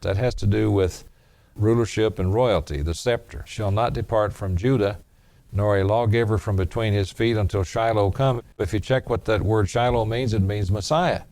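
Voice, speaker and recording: A man preaching a sermon, reading scripture verses aloud and explaining each one in a measured way. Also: fairly low pitch, darkish tone.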